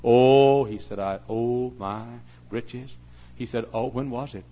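A man preaching a sermon as pastor, swinging from hushed storytelling to loud hollering. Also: mid-range voice, steady tone, measured pace, lo-fi sound.

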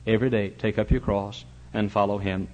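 A man preaching a sermon in a fervent revival style, swinging between loud pleading and hushed, earnest asides. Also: on the low side, fairly even intonation, brisk. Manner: old-fashioned revival preaching cadence. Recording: muffled lo-fi recording.

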